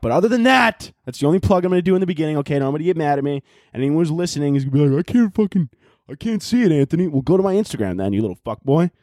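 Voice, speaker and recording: A man's voice: mid-range voice, warm tone, dry recording, studio quality. A young man hosting his own podcast, rambling in a profane, self-mocking comic rant. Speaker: podcast host. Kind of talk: solo comedic podcast rant.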